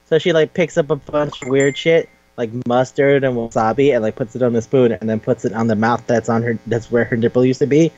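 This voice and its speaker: Crude, animated man retelling a story. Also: medium pitch. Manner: animated, crude, acts out characters in quick quoted voices. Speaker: podcast co-host. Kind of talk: casual chat, retelling a manga. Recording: dull lo-fi recording with hum.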